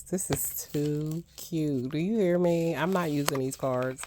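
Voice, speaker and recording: An older woman doing a casual unboxing vlog, gushing with excited exclamations as she shows off crafting supplies. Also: sits low, a little slow, hardly any pauses, a little hiss or hum. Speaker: crafting vlogger.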